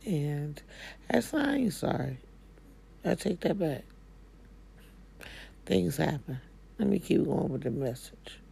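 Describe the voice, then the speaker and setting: Slow gravelly woman, casual spiritual talk. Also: low voice, very animated, warm tone. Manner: folksy, drawling, slangy Southern-style speech. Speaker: spiritual coach. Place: living room at home.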